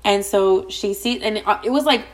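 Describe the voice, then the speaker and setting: A young woman rattles off a story at full speed on her podcast, swearing freely and dropping "like" into nearly every line. Her pitch sits right in the middle for a woman. The delivery is loose, candid and gossipy. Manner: rapid, profane, gossipy, heavy use of "like". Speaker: podcast host. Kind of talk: casual storytelling.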